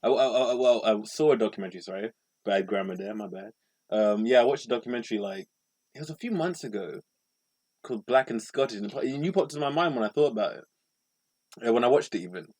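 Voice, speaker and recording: A man co-hosting a podcast in a casual, animated way, chatty and quick to laugh. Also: medium pitch. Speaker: podcast co-host. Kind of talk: casual chat.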